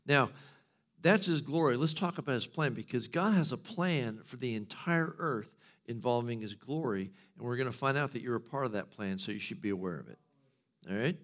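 A man's voice: mid-range voice, normal speed. Casual, humorous male pastor preaching. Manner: casual, humorous, lively storytelling. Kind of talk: sermon.

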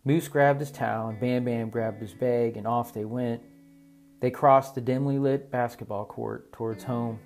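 Male audiobook narrator over soft guitar. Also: medium pitch, normal speed. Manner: steady storytelling. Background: soft guitar music.

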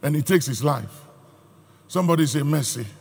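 A pastor preaching a sermon with a raspy voice, rising into shouts and sung phrases. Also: male voice, high voice, animated, moderate pace. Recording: hall reverb with faint music.

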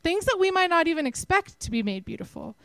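A woman with a Texan accent giving a conversational, animated sermon to her church. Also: very high voice, fast talker, dry recording, low-quality recording. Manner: conversational, animated, self-deprecating. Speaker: preacher.

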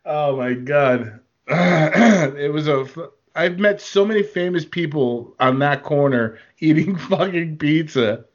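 A man co-hosting a casual podcast, telling rambling stories in an excitable way and laughing often. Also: a little high, takes it slowly. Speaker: podcast co-host. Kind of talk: casual chat. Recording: dull lo-fi podcast audio.

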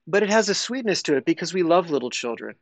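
A man, a priest and podcast guest, explains spiritual ideas in a reflective, thinking-aloud way. His voice sits a bit high for a man. The sound is close and dry. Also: sing-song, quick pace, dry recording. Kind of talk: conversational spiritual discussion.

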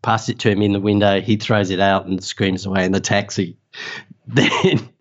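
An Australian man, a travel safety writer, telling a story in a casual, animated way and laughing often. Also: lowish voice, moderate pace, highs cut off. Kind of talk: casual anecdote.

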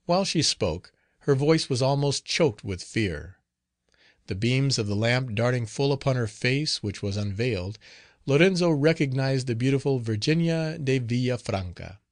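A man narrating a classic novel in a measured, formal storytelling manner. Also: medium pitch, animated, no echo, clean studio sound. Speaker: audiobook narrator.

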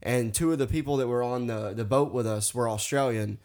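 A man's voice: mid-range voice, brisk. A man in his late twenties or thirties, swearing and saying "dude" a lot as he tells party stories in a casual chat. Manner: animated storyteller, swears a lot, says "dude" often.

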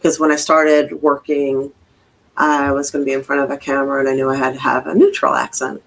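Bright-voiced joking co-host. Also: male voice, mid-range voice, little pitch movement, brisk, creaky. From Philadelphia. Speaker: stream co-host. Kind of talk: casual chat.

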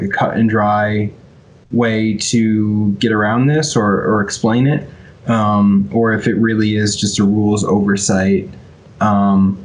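A man co-hosting a casual podcast about tabletop game rules, talking to listeners with many hesitations and fillers. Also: fairly low pitch. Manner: hesitant, filler-heavy, agreeable. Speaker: podcast co-host.

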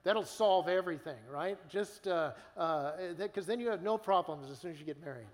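A man's voice: high voice, moderate pace. A man preaching a sermon in an earnest, conversational way, stumbling and restarting as he speaks, heard with church hall reverb. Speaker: guest preacher.

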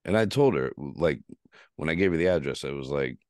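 A man with an extremely low, deep voice tells a story on his podcast, swearing freely and ranting. He acts out the back-and-forth of each conversation. The sound is dry and close to the mic. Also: lively intonation, brisk, dry recording. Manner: ranting, heavy swearing, quotes himself in dialogue. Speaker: podcast host. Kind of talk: casual profane storytelling.

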